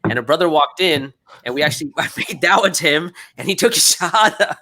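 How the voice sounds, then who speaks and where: A man's voice: on the high side, expressive, quick pace, sharp tone. A man who preaches, speaking earnestly and casually in a panel discussion. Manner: earnest, emphatic storytelling.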